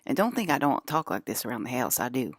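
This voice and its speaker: A woman's voice: extremely low pitch, big pitch swings, quick pace, breathy edge, no room sound. Woman, vlogger, rambling monologue, frequent laughter, swearing, dry close sound. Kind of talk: casual rambling monologue to camera. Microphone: camera.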